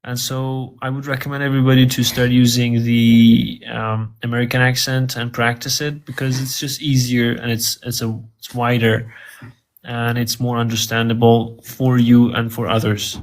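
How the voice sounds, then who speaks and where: A man's voice: mid-range voice, little pitch movement, moderate pace. A man answering interview questions about learning English, earnest and repeating words as he thinks.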